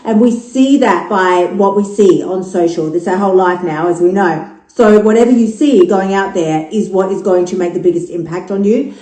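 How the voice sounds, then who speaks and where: Speaking at a normal pace and medium pitch, a fifty-something Australian podcast host chats casually and candidly. She swears plenty, cracks jokes, and tells animated stories, all captured on a low-quality recording that sounds roomy.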